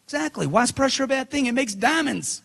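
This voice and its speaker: A man's voice: very high-pitched, expressive, fast talker, gravelly, a bit bright. A middle-aged man speaking as a motivational speaker at a seminar, punchy and emphatic, repeating lines for effect. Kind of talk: seminar speech.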